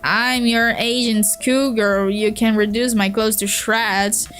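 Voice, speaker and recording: A woman's voice: a little high, level tone, takes it slowly, a bit bright, soft background music. A woman with a Brazilian Portuguese accent voicing a crude, flirtatious female troll who talks in short, blunt lines. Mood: lewd.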